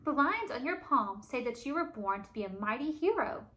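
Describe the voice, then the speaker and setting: A gentle, wise wandering minstrel from a storybook, voiced by a woman. He speaks softly and slowly, kind and measured, in a bright tone. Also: sits high, sing-song, heavily acted, low-quality recording. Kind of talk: storybook read-aloud.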